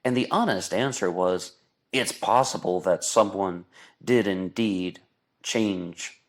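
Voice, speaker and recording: A man's voice: low-pitched, slow pace. A man hosting an online radio show, chatting casually about an old murder case, talkative and prone to exasperated asides. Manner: talkative, exasperated asides, mocks with put-on voices. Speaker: podcast host. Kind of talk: casual true-crime commentary.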